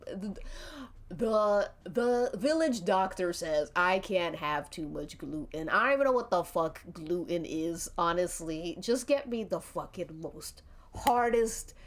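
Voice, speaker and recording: A woman's voice: lowish voice, expressive, slow. A woman voicing a brash, bossy, fidgety brute of a man who is foul-mouthed and demanding. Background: faint background music.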